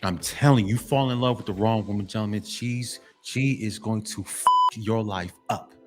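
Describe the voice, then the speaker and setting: Over music, a male motivational vlogger with a lowish voice talks at a moderate pace. He lectures men bluntly, repeating himself, half-bleeping his own curses and addressing his listeners again and again as "gentlemen."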